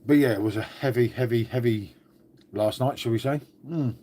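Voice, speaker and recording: A man's voice: mid-range voice, moderate pace, mellow, a little hiss or hum. A man from England hosting a casual live stream from home, rambling and calling viewers "mate". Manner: rambling, repeats "mate" and "shall we say". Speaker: livestream host. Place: at home indoors.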